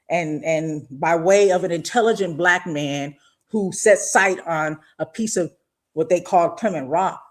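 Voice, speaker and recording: A middle-aged woman hosts a live podcast. She talks straight at her listeners in a loose, slangy monologue, impassioned and direct, at a medium pitch. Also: a little mellow. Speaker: podcast host. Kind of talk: casual live-stream monologue.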